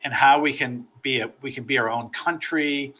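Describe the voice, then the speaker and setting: A middle-aged man, a former federal agent, telling stories from his career as a podcast guest, animated and repeating words as he starts his sentences. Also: mid-range voice, moderate pace. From United States. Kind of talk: storytelling in a podcast interview.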